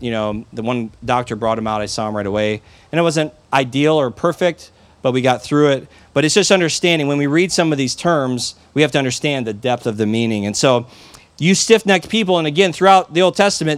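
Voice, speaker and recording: A man preaching as a pastor, his voice sitting a little high for a man. He delivers the sermon conversationally, with animated asides and stories. The sound is dry, with no room echo.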